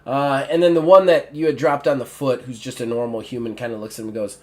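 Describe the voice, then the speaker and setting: A man's voice: medium pitch, steady tone, fast talker, a little mellow. A man running a tabletop game as game master, narrating in a rambling way full of fillers and restarts. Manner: rambling, filler-heavy, self-correcting.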